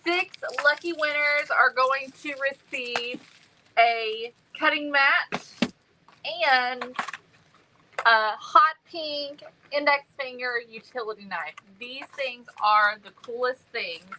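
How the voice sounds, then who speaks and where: A woman's voice: sits high, slow pace, noisy background. A woman hosting a craft live stream, bubbly and chatty, greeting viewers by name. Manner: bubbly and chatty, many ums. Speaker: livestream host.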